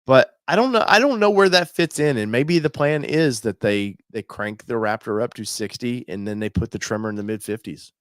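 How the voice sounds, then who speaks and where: A man's voice: medium pitch, normal speed, few pauses, a bit bright, clear, resonant tone, dry recording, studio quality. A man hosting an automotive channel, talking casually and thinking aloud while he browses a website, with many fillers and restarts.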